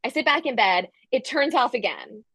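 Animated woman telling a story. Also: fairly high pitch, moderate pace, slightly rough, dry recording. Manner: animated, acts out quotes, frequent "like" fillers. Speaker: guest storyteller. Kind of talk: casual storytelling in a podcast chat.

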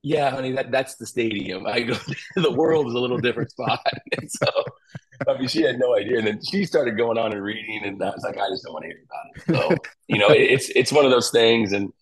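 A middle-aged man, a college pitching coach, talking casually in an interview and rambling with lots of fillers and restarts. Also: brisk, breathy edge, poor audio.

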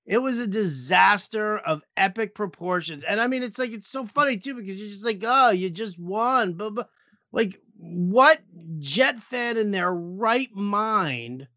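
High, bright-voiced man ranting. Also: lively intonation, a little slow, no room sound. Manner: swearing, exasperated, many restarts. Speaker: sports podcast co-host. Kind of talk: casual sports talk.

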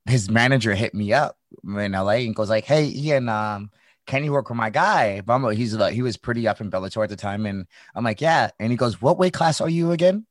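A man's voice: on the low side, brisk, dry recording. Rambling Midwestern man telling fight stories. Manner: rambling storyteller, swears, laughs. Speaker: podcast host, former fighter. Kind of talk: casual chat.

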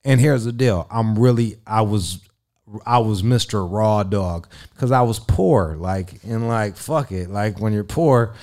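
A man's voice: fairly low pitch, unhurried. Profane, rambling storyteller man. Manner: profane, rambling, lots of fillers; animated comic storytelling. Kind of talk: casual podcast storytelling.

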